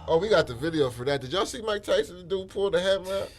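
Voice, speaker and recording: A man's voice: sits high, expressive, fast. A man hosting a casual podcast chat, talking bluntly and profanely and telling stories with animation. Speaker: podcast host.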